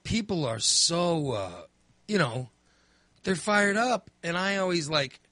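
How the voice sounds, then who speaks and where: Man, middle-aged, casual chat, animated storyteller, bright tone, dry sound. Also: sits high, slow, dry recording. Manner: animated storyteller, acts out his own reactions.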